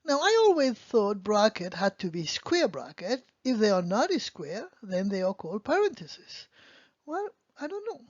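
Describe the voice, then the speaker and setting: A woman's voice: medium pitch, very animated, normal speed, a little mellow, no room sound. Patient woman teaching a language lesson. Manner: patient, explanatory, asks and answers own questions. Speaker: French teacher. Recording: dull lo-fi dry sound.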